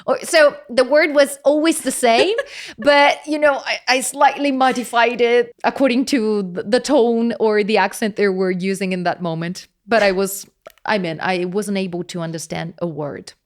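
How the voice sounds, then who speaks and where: A young Italian woman speaking English as a guest in a casual chat, animated and laughing as she explains with examples. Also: fairly high pitch, normal speed. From Italy.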